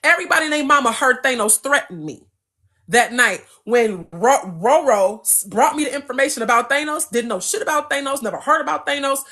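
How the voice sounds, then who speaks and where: A young adult woman as an interview guest, telling a story in a casual, animated, profane and emphatic way. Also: sits high, brisk.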